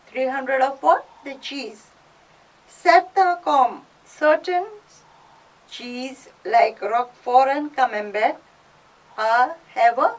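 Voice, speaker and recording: A woman's voice: high-pitched, distant mic, poor audio. A woman French teacher with a Goan accent, explaining a lesson step by step and repeating each phrase for her students. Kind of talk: classroom lesson.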